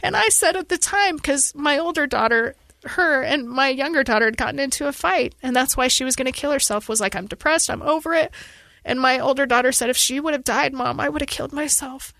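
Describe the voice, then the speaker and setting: Bright, earnest woman pouring out her story. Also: sits high, gravelly, no echo. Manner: earnest, fast-flowing storytelling with pleading urgency. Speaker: podcast guest. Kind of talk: emotional personal interview.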